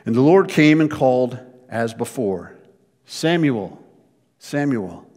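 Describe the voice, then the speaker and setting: A man preaching a sermon as pastor, telling stories in an animated way with frequent repeated words. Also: mid-range voice, moderate pace. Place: church. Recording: long reverb of a church hall.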